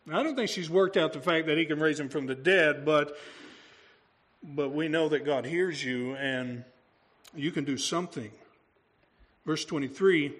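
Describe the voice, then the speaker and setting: A man's voice: high voice, a bit bright. A male pastor preaching a sermon, talking through the story in a conversational way and asking his congregation rhetorical questions.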